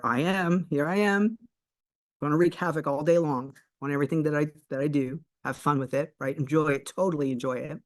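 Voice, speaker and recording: A woman coach giving a spiritual self-help talk, earnest and explanatory, often checking in with a quick "right?" and restarting phrases. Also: low voice.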